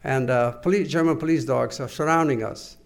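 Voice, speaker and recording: An older man giving oral history testimony to an interviewer, halting and earnest, with many pauses and restarts. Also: medium pitch, gravelly. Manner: measured, earnest recounting.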